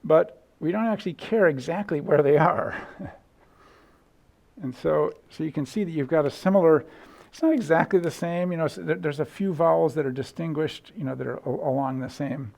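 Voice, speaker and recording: A man's voice: fairly high pitch, normal speed, vocal fry, a little mellow. A middle-aged man lecturing casually in a lecture hall, thinking aloud with restarts and sung vowel demos. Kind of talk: university lecture.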